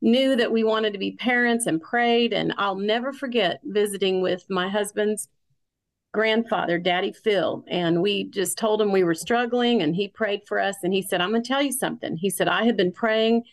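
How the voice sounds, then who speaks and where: A woman hosts a relaxed podcast conversation. She tells personal stories in a chatty, conversational way. Her voice sits in a middle pitch range, and she talks over a remote call. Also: moderate pace. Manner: warm, personal storytelling with a Southern "you all". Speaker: podcast host. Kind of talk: casual podcast interview.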